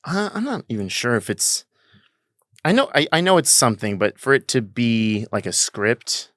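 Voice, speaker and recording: A man talking as a podcast guest in casual chat. He sounds calm and reflective, hesitant at times. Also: medium pitch, normal speed, dry recording, clean studio sound. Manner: calm, reflective, hesitant, with many fillers and restarts.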